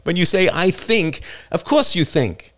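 A man's voice: high-pitched, lively intonation, measured pace, fairly bright tone. A man in his fifties hosting a live show, lecturing a listener in an emphatic, argumentative way with the odd chuckle. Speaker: livestream show host. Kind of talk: live show talk answering listener comments.

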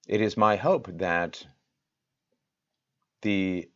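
Male host, very low voice, impassioned rhetorical monologue, lo-fi sound. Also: very slow, smooth. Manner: impassioned, rhetorical, swings from loud to quiet. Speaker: show host. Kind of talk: direct-to-camera address.

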